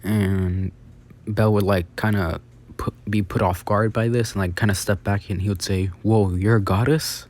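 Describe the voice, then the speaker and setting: Low mellow rambling male storyteller. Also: steady tone, normal speed. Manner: rambling, full of "like" and restarts. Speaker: fan story narrator. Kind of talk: casual improvised storytelling.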